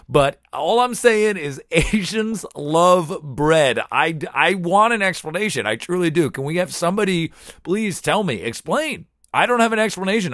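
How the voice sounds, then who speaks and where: A man hosting a podcast, telling stories in an animated, profane, playful comic monologue. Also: a little high, no echo, clean studio sound. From United States. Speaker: podcast host.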